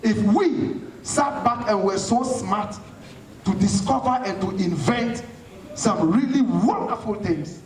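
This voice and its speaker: Speaking slowly in a high, animated voice with a darkish tone, this Ghanaian man delivers an impassioned, preacher-like address to a hall audience and takes their questions. His manner is fiery and rhetorical. The sound is distant and echoey, picked up across the hall.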